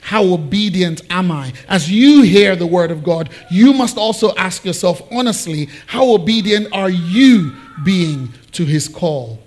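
A man preaching a sermon, switching into playful voices to act out Bible figures. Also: high voice. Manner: animated, acts out biblical figures in quick asides. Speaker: pastor.

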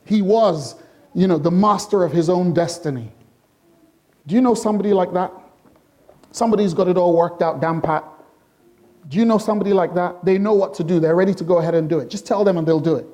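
A warm, high-pitched voice belongs to a middle-aged male pastor delivering a sermon. He asks the congregation rhetorical questions over and over, swinging between slow, emphatic delivery and quick bursts.

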